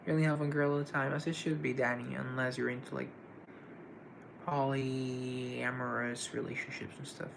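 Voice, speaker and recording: Live stream host, male, gravel in the voice, chatty and easygoing with viewers, faint hiss behind him. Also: medium pitch, flat delivery, normal speed. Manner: chatty, greets viewers and answers chat comments. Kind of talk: casual live stream chat.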